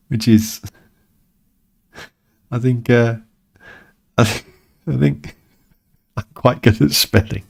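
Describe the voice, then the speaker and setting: Deep british guy streaming a game, rambly and sweary, mock-annoyed. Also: expressive, slow pace, gravelly, pauses often, darkish tone. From United Kingdom. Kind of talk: casual chat while gaming.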